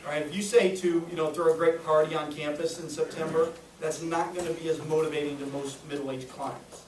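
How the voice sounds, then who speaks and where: High-voiced man coaching in an echoey room. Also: fairly even intonation, fairly quick, background noise. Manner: upbeat, coaching, asks the room questions. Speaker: sales trainer. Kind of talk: live sales training talk. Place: training room with a small audience. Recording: echoey room, voice a little far.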